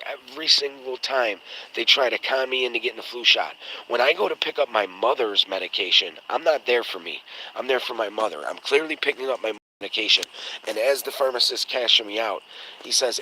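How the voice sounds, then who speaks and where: A man's voice: medium pitch, brisk, pushed and bright, slight background noise, poor audio. A man hosting a casual livestream chat, telling stories in a blunt, profane way and acting out the voices of people he quotes. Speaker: podcast host.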